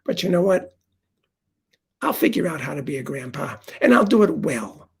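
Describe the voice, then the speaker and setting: An older man telling a heartfelt first-person story on stage, confiding and dropping to a hush for quoted lines. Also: a little high, big pitch swings, moderate pace, vocal fry, slightly rough.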